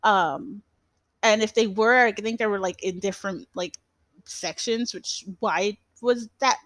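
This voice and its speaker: A woman's voice: mid-range voice, fairly bright tone, no room sound. A young woman hosting a casual solo podcast, rambling with lots of fillers and restarts and laughing often. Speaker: podcast host.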